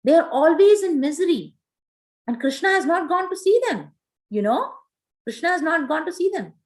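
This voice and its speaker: Woman voicing a grieving old mother in a retold legend: high, emphatic, pleading. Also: sing-song, fairly quick, darkish tone. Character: older female mother figure, grieving, pleading.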